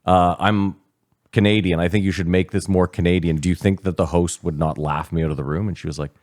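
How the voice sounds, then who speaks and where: A man with a very low voice rattles through a story at speed, acting out both sides of the exchange. He swears casually. The recording is dry and close. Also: a little fast, no echo. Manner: swearing, animated retelling with quoted dialogue. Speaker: podcast co-host.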